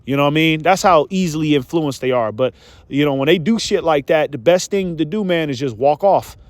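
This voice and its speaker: A man's voice: fairly high pitch, fairly quick, dry recording. A man giving a casual, profane religious exhortation, full of repetition and fillers, earnest and exhorting. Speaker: street preacher.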